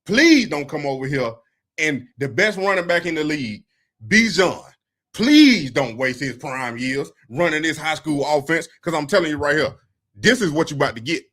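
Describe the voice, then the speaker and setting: Man, high voice, bright and sharp tone, emphatic sports rant. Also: lively intonation, moderate pace. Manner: emphatic, informal, talks straight at the listener. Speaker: football commentator.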